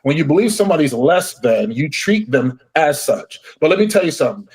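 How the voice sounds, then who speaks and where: A man's voice: on the high side, breathy edge. A middle-aged man, tired and angry, ranting heatedly with lots of swearing as a podcast guest. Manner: heated, profane, emphatic.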